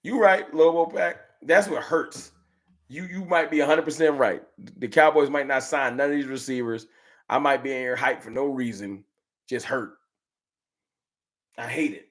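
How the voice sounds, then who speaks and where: A man hosting a fan livestream, chatting with viewers and ranting with slangy, animated trash talk. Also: medium pitch, normal speed. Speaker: sports fan livestream host. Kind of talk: casual livestream chat reading super chats.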